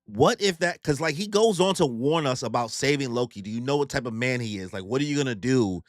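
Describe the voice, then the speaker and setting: Animated slang-heavy young man. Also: mid-range voice, brisk, dry recording, studio quality. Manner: animated slang-heavy storytelling, acting out character quotes. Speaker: YouTube manga reactor. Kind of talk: casual manga recap and reaction.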